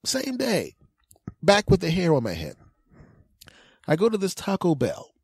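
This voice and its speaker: Forties guy doing a funny podcast story, kinda high voice, super dry mic, keeps doing silly voices. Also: measured pace, creaky, slightly rough, dry recording. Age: 40s. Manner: animated, mimics other people's voices with big pitch jumps. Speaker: podcast host. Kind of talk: comedic storytelling monologue.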